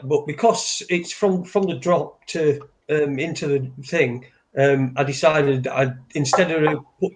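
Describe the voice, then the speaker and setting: Rambling man, profane. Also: fairly high pitch. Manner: rambling, profane, restarts often. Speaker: podcast co-host. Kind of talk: casual storytelling chat.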